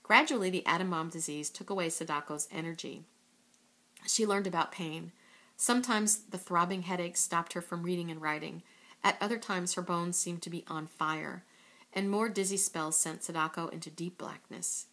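A woman reading a children's book aloud in a steady voice, now and then correcting a slip. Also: fairly low pitch, normal speed. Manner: steady, with occasional slips and self-corrections. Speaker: reader.

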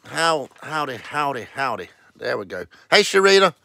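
A man's voice: medium pitch, very animated, moderate pace, vocal fry, sharp tone, no echo. A man hosting a casual live stream, greeting viewers one by one in a sing-song way and calling out scratch-ticket numbers. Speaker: livestream host.

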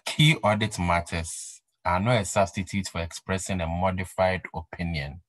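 A man's voice: sits low, moderate pace, fairly bright tone, dry recording, low-quality recording. A man giving a recorded accounting lecture, repeating key points and asking rhetorical questions to stress them. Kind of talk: recorded exam-prep lecture.

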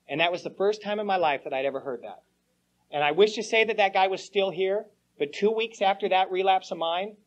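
A man with a high-pitched, fairly bright voice shares his recovery story at an AA meeting, joking and slangy, calling listeners "man" and "bro." He speaks before a live audience in a meeting room, captured on lo-fi old cassette tape.

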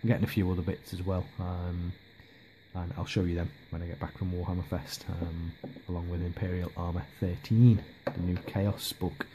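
A man's voice: low-pitched, level tone, normal speed, noisy background. A man giving a casual, rambling hobby update, hesitant with lots of ums and restarts. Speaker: miniature hobby vlogger.

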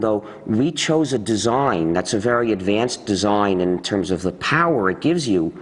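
A man explaining deliberately in a documentary interview, his pitch jumping up when he stresses a point. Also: breathy edge, long reverb tail. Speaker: interviewee, software movement founder.

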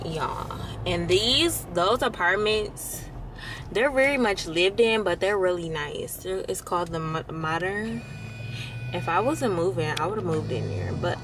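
A woman's voice: on the low side, animated, a little slow. A young woman vlogging casually from her car, rambling in a chatty, slangy way and laughing often. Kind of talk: casual vlog chat. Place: in a car, driving and parked outside. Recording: traffic and car noise behind.

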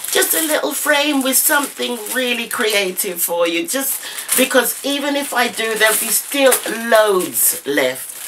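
A woman's voice: medium pitch, noisy background. Gushing, exclaiming woman crafter. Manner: gushing, excitable, repeated exclamations. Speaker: craft vlogger. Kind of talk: unboxing vlog. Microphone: camera mic.

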